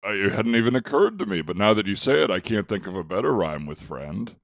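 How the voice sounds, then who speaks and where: A man doing a deep-voiced eager bard. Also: big pitch swings, fast talker, gravelly, no room sound, studio quality. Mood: playful. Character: cheerful male bard, eager songwriter.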